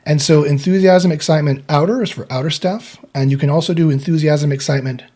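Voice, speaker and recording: Mellow, husky male meditation teacher. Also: a little high, fast. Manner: rambling, restarts, acts out inner self-talk. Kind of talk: unscripted explanatory talk.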